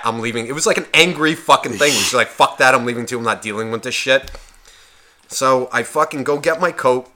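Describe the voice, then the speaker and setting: Young guy on a podcast, bright voice, cussing nonstop, doing all the voices in his bar story. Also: mid-range voice. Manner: profane, animated storyteller acting out dialogue. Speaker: podcast co-host. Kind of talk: casual storytelling chat.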